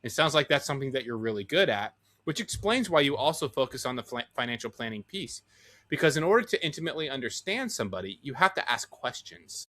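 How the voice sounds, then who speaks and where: A man hosting an interview, agreeing warmly with his guest and asking him open questions. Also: mid-range voice, very animated, quick pace. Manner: affirming, asks questions with restarts. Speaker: podcast host, interviewer. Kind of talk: casual interview conversation.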